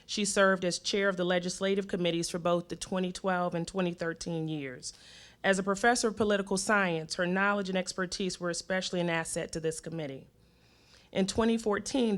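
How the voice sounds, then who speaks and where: A woman, a school board member, reading a formal tribute at a school board meeting in a measured way. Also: lowish voice.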